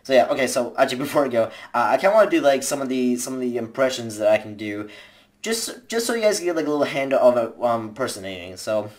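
A woman's voice: a bass voice, animated, fast, darkish tone. A young woman giving casual, rambling tips to viewers in a home video, with lots of fillers and restarts. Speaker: vlogger.

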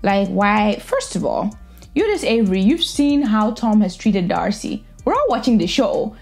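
A woman's voice: medium pitch, very animated, measured pace, darkish tone, faint music behind. A woman vlogger giving casual, opinionated reaction commentary in a blunt, sassy way.

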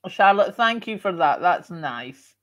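A middle-aged Scottish woman with a moderated accent hosts a livestream, chatting casually and reading out viewer comments between frequent coughs and ums. Her voice is lowish and animated, her pace unhurried, and the sound is lo-fi.

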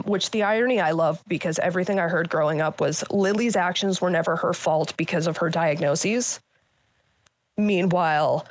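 Woman guest, 30s, low-pitched, blunt and sweary, dry close mic. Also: dry recording. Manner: blunt, frequent swearing, many fillers. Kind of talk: candid personal storytelling.

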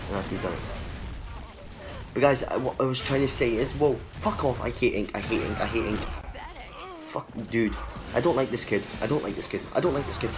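A young man with a lowish voice commentates live gameplay and reacts loudly to every kill. He swears and taunts the opponents. The game's sounds run clearly underneath him. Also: background noise. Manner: excitable, swears freely, talks to the players on screen. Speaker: gaming channel host.

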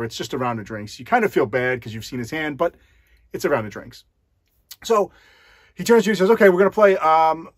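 A man's voice: fairly high pitch, slightly rough, dry recording, studio quality. A man who is a magician, explaining a card scam to the viewer step by step in a conversational way. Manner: conversational, addresses the viewer directly. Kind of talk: explanatory talk to camera.

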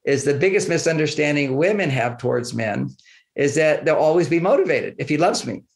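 A man's voice: fairly high pitch, lively intonation, a little fast, vocal fry. A man guest in an interview, telling personal stories about relationships in an easygoing way and acting out bits of dialogue. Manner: anecdotal, acts out quoted dialogue, chuckles often. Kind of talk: conversational storytelling interview.

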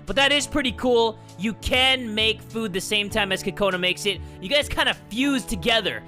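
A man giving excitable let's-play commentary, swearing often and breaking into shouts and laughter. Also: high voice, moderate pace, few pauses, soft background music. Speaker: gaming YouTuber.

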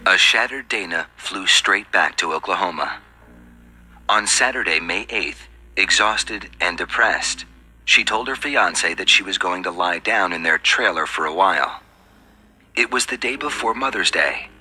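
Low-voiced male documentary narrator. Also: animated, a little slow, sharp tone, slightly rough. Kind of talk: scripted narration. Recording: music bed behind voice. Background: music.

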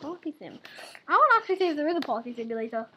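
A woman's voice: sits high, big pitch swings, rapid-fire, pushed and bright, highs cut off, slight background noise. A young woman, in her teens, hosting a casual gaming video with chatty, giggly, teasing talk. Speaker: gaming channel host.

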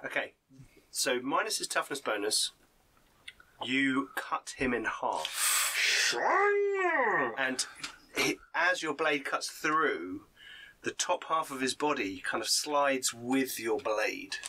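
A man's voice: mid-range voice, lively intonation, slow pace, long pauses, bright, forceful tone, slight background noise. A man narrating as game master, describing combat in vivid, gory detail.

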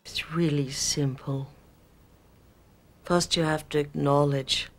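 A grandiose ancient spirit speaks in a put-on British accent, performed by a woman. The voice sits low and the delivery crawls along in archaic, pompous pronouncements. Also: gravelly, heavily acted. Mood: preaching. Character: ancient male spirit teacher, grandiose and solemn.

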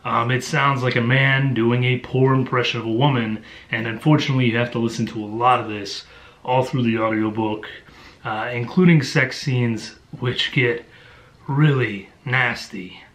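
A man's voice: medium pitch, steady tone, moderate pace, fairly bright tone. A man giving casual audiobook reviews, blunt and exasperated, with lots of ums and uhs. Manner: blunt, exasperated, with many fillers. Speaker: book reviewer.

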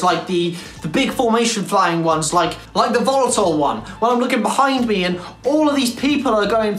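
A woman's voice: mid-range voice, fairly bright tone. A woman hosting a casual game tutorial, chatty and emphatic, with blunt slang. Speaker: gaming tutorial host. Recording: echoey room with faint music.

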